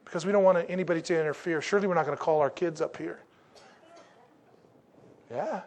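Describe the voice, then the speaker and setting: A man preaching a sermon in a conversational, folksy way, with rhetorical questions and slow, emphatic declarations. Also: on the high side, darkish tone. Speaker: pastor.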